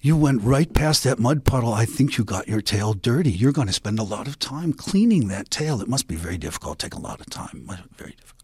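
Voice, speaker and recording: A man voicing a sly, scheming male coyote in a folk tale, speaking low, slow and half-whispered. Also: lively intonation, husky, dry recording, studio quality. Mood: wheedling.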